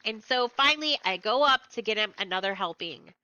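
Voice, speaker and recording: Bright-voiced woman reading a novel. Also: medium pitch, lively intonation, fairly quick, clean tone, no room sound, muffled recording. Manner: plain, conversational storytelling. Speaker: audiobook reader. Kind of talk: first-person novel narration.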